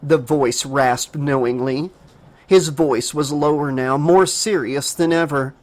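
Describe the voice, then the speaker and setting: A man narrating a horror audiobook dramatically, raising his pitch for a frightened girl's lines. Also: steady tone, slow pace, darkish tone. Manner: emotive reading, voices the girl in a higher pitch.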